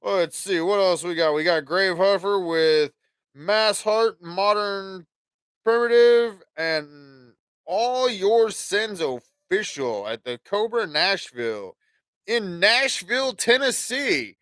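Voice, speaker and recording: A man's voice: high voice, expressive, slow pace, fairly bright tone, clear, resonant tone, no echo. A man hosting a casual podcast livestream, rambling and swearing freely as he acts out conversations. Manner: profane, rambling, acts out dialogue. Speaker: podcast host.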